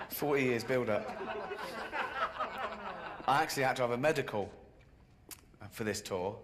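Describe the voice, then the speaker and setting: Man, stand-up comedian, deadpan storytelling, squeaky outbursts, live stage, audible crowd noise. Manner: deadpan storytelling with sudden high-pitched outbursts. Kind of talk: stand-up routine.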